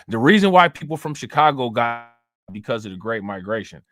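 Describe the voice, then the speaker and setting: A man's voice: mid-range voice, very animated, fairly quick, a bit bright. Loose, rambling male streamer. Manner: rambling, loose and profane, reading out chat messages. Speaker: live stream host. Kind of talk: casual live-stream commentary.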